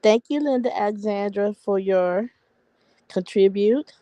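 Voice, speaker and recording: Slow-talking woman chatting to viewers. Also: medium pitch, no echo, rough recording. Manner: relaxed, greets viewers by name. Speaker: livestream co-host. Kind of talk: casual livestream chat.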